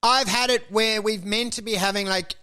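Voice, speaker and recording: A man co-hosting a comedy podcast, talking in a rambling, animated way, swearing and acting out mocking quotes. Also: high voice, moderate pace, clean tone. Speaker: podcast co-host. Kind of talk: casual comedic chat.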